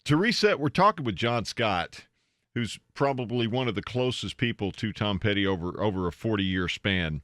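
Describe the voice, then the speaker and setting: Laid-back radio host guy, lowish voice, dry studio sound. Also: lively intonation, normal speed, fairly bright tone, no room sound. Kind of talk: casual interview.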